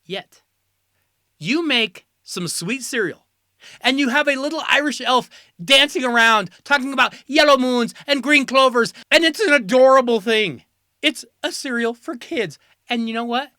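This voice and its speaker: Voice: high-pitched, normal speed, pushed and bright, no echo, clean studio sound. An American host giving a joking solo commentary, full of sarcastic asides. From United States.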